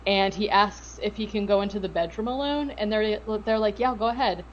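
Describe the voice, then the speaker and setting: A woman co-hosting a podcast, recapping a show in casual chat with profane, sarcastic, animated retelling. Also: medium pitch, moderate pace, muffled recording, a little hiss or hum. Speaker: podcast co-host.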